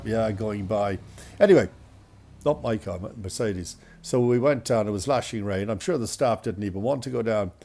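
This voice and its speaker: Gravelly older Irish storyteller. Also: male voice, mid-range voice. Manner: rambling, self-mocking, gets excited at punchlines. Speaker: vlogger telling stories. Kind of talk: casual storytelling.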